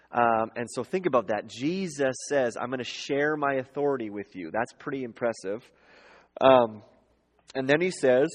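A male preacher talks through scripture in a loose, chatty teaching style at a middle pitch. He keeps checking in with the listeners, asking "right?" between points. His voice carries a long reverb, like a big hall. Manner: conversational, frequent "um" and "right?" tags. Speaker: pastor. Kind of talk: sermon teaching.

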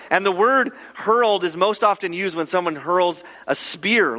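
A man preaching a sermon, reading scripture aloud and then explaining it with lively, casual asides. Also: a little high. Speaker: pastor. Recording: muffled echoey hall.

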